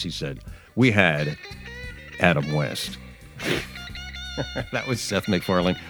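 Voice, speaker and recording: A man's voice: on the low side, moderate pace, long pauses, a bit bright, faint music behind. A man hosting a casual talk show, telling digressive stories with frequent restarts and chuckles. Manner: chatty, digressive storyteller with frequent restarts and laughs. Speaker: radio or podcast host.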